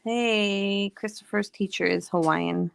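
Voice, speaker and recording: A woman in her thirties, a mom at home in Hawaii, is a vlogger who chats casually while working, laughing often and humming little tunes. Her medium-pitched voice is creaky yet smooth, with fairly even intonation and a slow pace.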